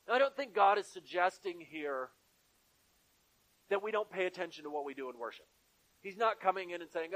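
A man with a high voice delivers a sermon in a church. His preaching is earnest and stacks up repeated phrases to drive each point home. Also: lively intonation, fairly quick, pauses often, fairly bright tone, low-quality recording. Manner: earnest, repetitive preaching cadence. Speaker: pastor.

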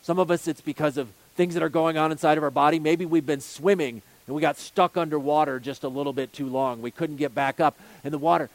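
A man's voice: fairly high pitch, steady tone, fast talker, hardly any pauses, dry recording. A male pastor preaching a sermon, earnest, building his points with repeated phrases and rhetorical questions.

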